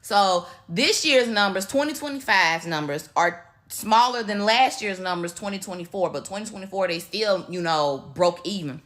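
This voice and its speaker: A woman's voice: mid-range voice, normal speed. A woman with a Mississippi Southern accent giving a blunt, profane, casual rant to her viewers. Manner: blunt, profane, lively storytelling. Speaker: social media commentator.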